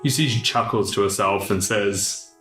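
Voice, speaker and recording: A man's voice: lowish voice, normal speed, a bit bright. A man with an Australian accent, narrating as game master in an easygoing, joking way. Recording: roomy mic with music under.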